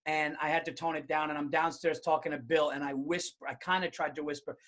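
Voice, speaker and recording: A man hosting a casual podcast chat, telling stories sheepishly and often dropping to a hushed voice. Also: fairly high pitch, little pitch movement, quick pace. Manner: sheepish storyteller, drops to a hushed voice. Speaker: podcast host.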